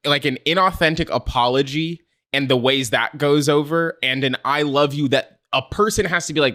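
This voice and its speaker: A man's voice: mid-range voice, moderate pace, few pauses, bright, forceful tone. A man hosting a podcast in casual, wry chat. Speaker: podcast host.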